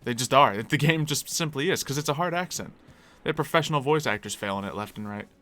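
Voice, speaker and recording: American male streamer, casual and talkative, bright tone, faint music under him. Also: mid-range voice, quick pace. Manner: chatty, answers chat requests aloud. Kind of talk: casual live-stream chat. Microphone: desk mic.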